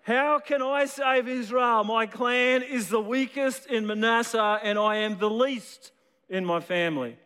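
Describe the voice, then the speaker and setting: A man's voice: very high-pitched, unhurried, bright, forceful tone, clear, resonant tone, in a large hall, voice pushed up, exaggerated voice. A man voicing a timid, overly polite young Englishman with a put-on English accent, prim and apologetic. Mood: bewildered.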